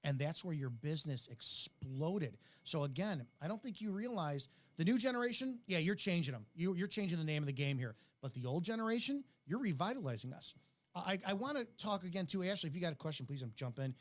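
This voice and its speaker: Man, middle-aged, podcast host, blunt, rambling, slightly high voice. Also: animated, brisk. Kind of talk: interview, casual chat.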